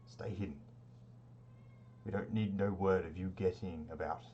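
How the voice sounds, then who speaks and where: A man muttering as a gruff hooded cultist. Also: sits low, steady tone, unhurried, slight background noise. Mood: hushed. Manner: hushed, muffled muttering.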